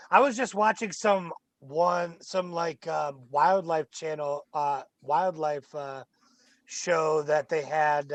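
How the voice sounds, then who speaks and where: A man with a notably high voice trades quick jokes in loose podcast banter. He is recorded close and dry. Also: a bit bright, no room sound. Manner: wisecracking. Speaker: podcast co-host. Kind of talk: casual banter.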